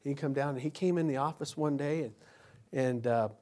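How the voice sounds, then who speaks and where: A pastor giving an informal Bible teaching, telling rambling personal anecdotes. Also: male voice, medium pitch, moderate pace, mellow.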